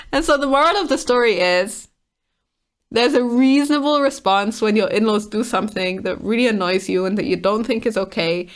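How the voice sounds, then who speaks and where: A woman's voice: medium pitch, normal speed, long pauses. A woman giving casual, exasperated commentary while reading out online comments, often laughing.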